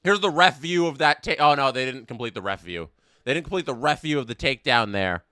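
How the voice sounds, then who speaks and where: In studio-quality audio with a clean tone and no echo, a young man with a mid-range voice talks fairly quickly while hosting a casual live watch-along. He calls the match, chats with viewers and reads their comments aloud, with excited bursts on the big plays.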